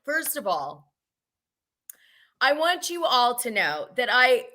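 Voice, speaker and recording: A woman's voice: a little high, big pitch swings, slow pace, bright, forceful tone. A woman hosting a casual gossip live stream, talking frankly and laughing often. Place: home, Los Angeles area.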